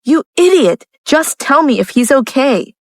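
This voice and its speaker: A woman's voice: on the high side, lively intonation, moderate pace, dry recording, voice pushed up, close to an everyday voice. A woman reading an audiobook, voicing an anxious, hot-tempered young woman who pleads and scolds. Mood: angry scolding. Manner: pleading, then sharp and scolding.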